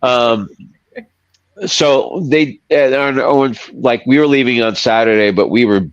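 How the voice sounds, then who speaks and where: A man's voice: medium pitch, measured pace, clean tone, dry recording, dull audio. A man chatting casually on a podcast, rambling and laughing as he loses his thread.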